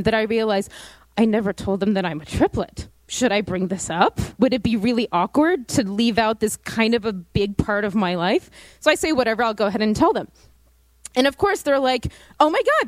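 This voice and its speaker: A woman's voice: on the high side, dry recording, poor audio. Chatty young woman telling a story. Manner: animated, chatty, lots of fillers. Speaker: student speaker. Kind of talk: storytelling talk to an audience.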